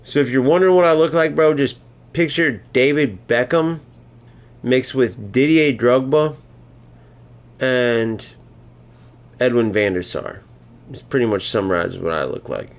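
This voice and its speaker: A chatty, laid-back male gamer commentating his live stream at a medium pitch. He rambles easily between plays, peppering his talk with "right?", "man" and "bro". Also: a little slow, pauses often. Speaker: gaming streamer.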